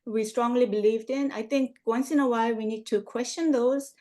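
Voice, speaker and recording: Chatty, fairly high-voiced woman host. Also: fairly even intonation, moderate pace, warm tone. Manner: chatty, hesitant, many "sort of" and "yeah". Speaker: host and course teacher. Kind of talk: casual online discussion.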